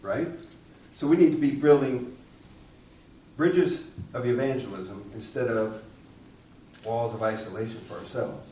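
Preacher in an echoey church hall. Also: male voice, medium pitch, measured pace, pauses often, mellow, slight background noise. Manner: storytelling, asks the congregation questions. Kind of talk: sermon. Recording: echoey room, distant mic.

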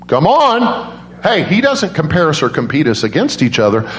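A man preaching a sermon as a guest speaker, telling stories in an animated way and leaping into high voices for quoted people. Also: moderate pace. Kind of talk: storytelling sermon. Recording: roomy church echo.

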